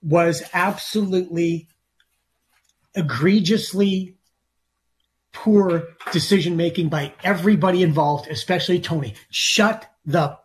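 Casting: middle-aged male sports radio co-host, emphatic ranter, a touch higher-pitched voice. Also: a little slow. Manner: emphatic, ranting, repeats himself. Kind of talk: opinionated sports talk.

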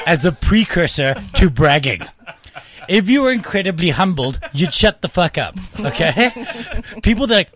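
A man ranting casually on a radio talk show, animated and laughing as he goes. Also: fairly high pitch, normal speed. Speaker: guest commentator.

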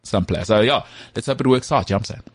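A man co-hosting a podcast, talking football in an animated, joking way. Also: fairly low pitch, slightly rough, no room sound. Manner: animated, jokey, does quick impressions of others. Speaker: podcast co-host. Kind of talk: casual sports chat.

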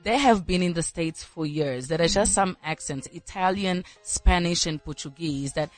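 Angolan-accented actress guest, emphatic and lively, dry close studio sound. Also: female voice, fairly low pitch, moderate pace, no room sound, soft background music. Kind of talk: casual studio chat.

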